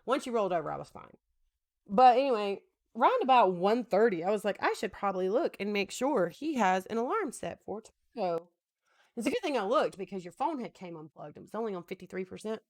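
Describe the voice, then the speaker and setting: A makeup vlogger in her thirties speaks fairly quickly in an animated, mid-range voice. As she does her makeup she rambles casually, makes self-deprecating jokes, and talks to her husband here and there between steps.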